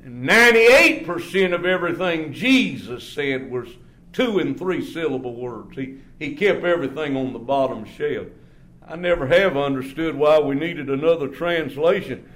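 A man preaching a sermon in a church in a folksy, drawn-out way, often dropping to a low murmur. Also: lively intonation, fairly bright tone.

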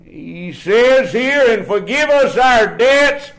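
A man preaching a sermon in a church in a folksy, drawn-out way, often dropping to a low murmur. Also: expressive, fairly bright tone.

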